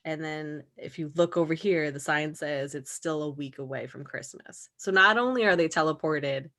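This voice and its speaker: Low-voiced woman, joking podcast co-host. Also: moderate pace, fairly bright tone. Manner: laughs often, blunt and joking. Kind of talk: casual chat.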